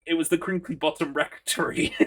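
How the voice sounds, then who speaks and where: A man's voice: a little high, fairly bright tone. A man chatting casually while live-streaming a horror game, rambling, swearing and laughing as he greets viewers.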